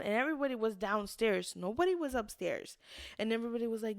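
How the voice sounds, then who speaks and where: A woman's voice: fairly high pitch, lively intonation, fast, gravelly, dry recording, studio quality. A young adult woman co-hosting a podcast in casual chat, telling stories and acting out what people said. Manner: rambling storyteller, acts out quotes. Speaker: podcast co-host.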